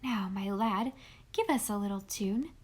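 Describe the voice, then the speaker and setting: A woman voicing a gentle, motherly schoolmistress who speaks softly and tenderly. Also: mid-range voice, a little slow, breathy edge. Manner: soft, tender, often near a whisper.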